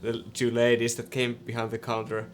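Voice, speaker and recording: A man narrating as game master of a tabletop game, halting with many fillers. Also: mid-range voice, monotone, slight background noise. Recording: background music.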